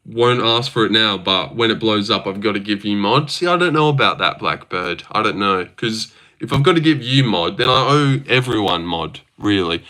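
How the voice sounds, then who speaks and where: A young streamer goes through his chat casually, reading messages aloud and ribbing the people who sent them. He speaks with a medium pitch and a sharp tone.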